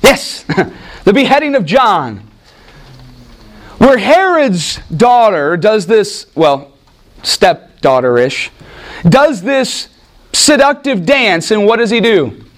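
High-voiced man teaching scripture. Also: slow, long pauses. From United States. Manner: animated, jokey asides, asks the room questions. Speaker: preacher teaching a Bible study. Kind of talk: teaching sermon with audience questions.

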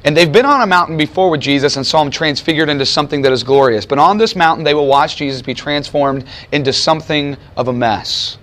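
Male preacher in the middle of a sermon, higher-pitched, emphatic, slows down to drive points home. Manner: animated, emphatic, rhetorical questions, slows for emphasis. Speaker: preacher teaching a Bible study.

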